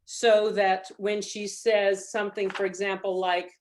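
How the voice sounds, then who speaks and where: A middle-aged woman, a voice teacher, leads a masterclass over a video call, encouraging a student singer and demonstrating phrases aloud. Her mid-range voice stays fairly flat in pitch, her pace is measured, and there's a little hiss or hum.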